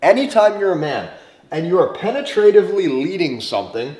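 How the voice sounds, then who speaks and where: Forceful man lecturing in an echoey room. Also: high-pitched, sing-song, fairly quick. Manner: forceful, repetitive, profane. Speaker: dating coach. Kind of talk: motivational lecture to camera. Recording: roomy echo.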